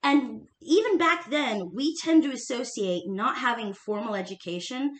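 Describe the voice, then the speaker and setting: Brief: lively woman podcast host, higher voice, emphatic, echoey room. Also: normal speed. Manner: animated, laughs often, emphatic. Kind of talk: casual history chat.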